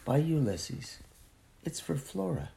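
A man's voice: a little high, sing-song, slow, creaky, mellow, slight background noise, voice pushed up, full character voice. A man voicing an anxious, loving mother who speaks emotionally and tearfully. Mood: soft. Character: anxious loving mother, middle-aged woman.

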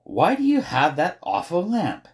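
A man's voice: on the high side, wildly swooping pitch, a little slow, voice pushed up, heavily acted. Casting: chirpy, no-nonsense adult woman, storybook role, voiced by a man. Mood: brisk. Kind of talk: audiobook character voice.

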